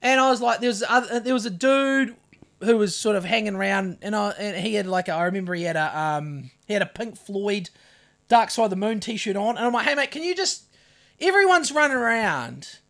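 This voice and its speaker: A New man tells a story in a high-pitched voice, swearing constantly as he acts out his side of a confrontation. He is a podcast co-host still recovering from covid, and his delivery is loud and lively. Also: brisk, creaky. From New Zealand. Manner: profane, animated storyteller acting out his own lines. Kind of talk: casual storytelling chat.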